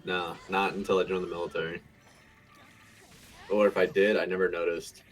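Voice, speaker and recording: Laid-back, low-voiced man cursing bluntly. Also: level tone, normal speed, slight background noise, low-quality recording. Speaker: streamer. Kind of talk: casual chat.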